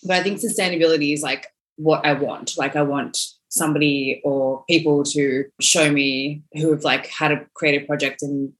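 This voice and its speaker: A woman's voice: sits low, steady tone, moderate pace, a bit bright. A woman in her thirties, a podcast guest, talking casually in a rambling way with lots of "like". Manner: rambling, frequent "like", restarts. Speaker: guest, exhibition organiser. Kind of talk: casual chat.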